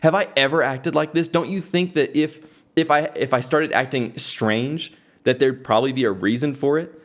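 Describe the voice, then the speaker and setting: A man's voice: medium pitch, moderate pace, pitched above the performer's own voice, natural voice. A man voicing a loyal female donkey who questions her rider indignantly. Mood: pleading.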